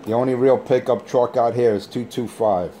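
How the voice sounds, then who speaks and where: A man trash-talking rivals over a handheld radio mic, boasting and taunting in a slow drawl. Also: mid-range voice, steady tone, mellow, a little hiss or hum. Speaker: CB radio operator. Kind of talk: on-air radio banter.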